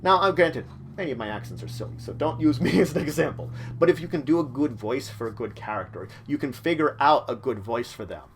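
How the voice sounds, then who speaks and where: Hosting his own channel, a man shares game-mastering tips in a loose, conversational way with frequent fillers. His medium-pitched voice is animated and fairly quick, with few pauses, and there's a little hiss or hum.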